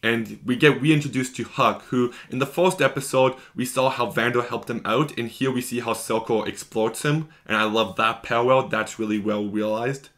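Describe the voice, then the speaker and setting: A man's voice: medium pitch, fairly even intonation, moderate pace, hardly any pauses, fairly bright tone. A man giving an enthusiastic, gushing episode recap as a video reviewer, talking in long run-on strings.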